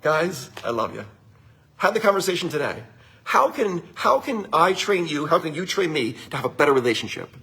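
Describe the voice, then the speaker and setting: A man's voice: on the high side, very animated, normal speed, vocal fry, pushed and bright, breathy edge. A middle-aged man, a winery owner, giving a casual motivational talk to viewers in an upbeat, chatty way, often tagging his lines with a question. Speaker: winery owner hosting a livestream.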